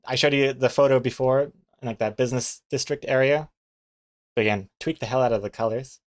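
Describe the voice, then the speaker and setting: A man's voice: mid-range voice, steady tone, brisk. A man, chatting casually on a live stream and telling rambling anecdotes with chuckles and fillers. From New Zealand.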